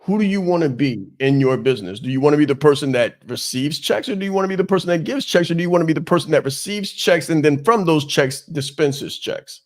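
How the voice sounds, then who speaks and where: A man's voice: fairly high pitch, lively intonation, fast talker, few pauses. A man hosting a business podcast as a coach, giving an emphatic motivational talk and repeating his key phrases.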